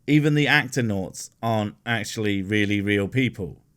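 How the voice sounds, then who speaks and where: A man's voice: lowish voice, normal speed, fairly bright tone, clean tone. A man giving sarcastic, profane reaction commentary as the host of the show.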